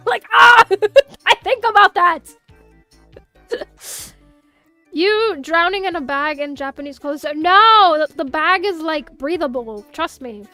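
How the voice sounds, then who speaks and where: Very high voice, young woman, Miami Hispanic accent, chatty livestream talk, faint music behind. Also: slow pace, pauses often. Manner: animated, chatty, swears freely, answers chat. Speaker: VTuber streamer. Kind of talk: casual livestream chat.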